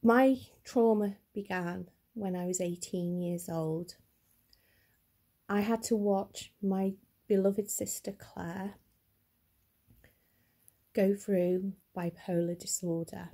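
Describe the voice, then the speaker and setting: Upset woman vlogger, slow and husky. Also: medium pitch, fairly even intonation, warm tone. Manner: earnest, halting, stammers when upset. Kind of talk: personal vlog to camera.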